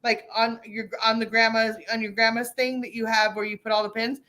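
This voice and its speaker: A middle-aged woman hosting a casual chat, telling an animated story with many restarts and fillers. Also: fairly high pitch, a little fast. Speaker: host.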